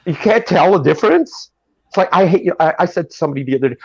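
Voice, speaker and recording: Animated ranting man on a video call. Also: a little high, fast talker, breathy edge, dry recording, muffled recording. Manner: animated ranting, sarcastic mock voices. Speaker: host. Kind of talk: casual video call chat.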